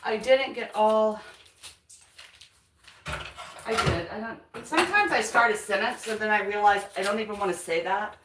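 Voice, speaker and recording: Woman, casual home vlog, unhurried, echoey hallway, some distance from the mic. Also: noisy background. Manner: chatty, talks to her dog in a high voice. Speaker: home vlogger. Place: house hallway, indoors. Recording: roomy, far from the mic.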